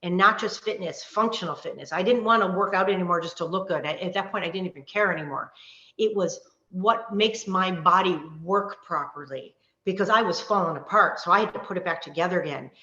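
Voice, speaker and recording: Woman coach talking fast n passionate, bright pushy voice, kinda dull echoey call audio. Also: lowish voice. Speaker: wellness coach. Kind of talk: live online workshop talk. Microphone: video call.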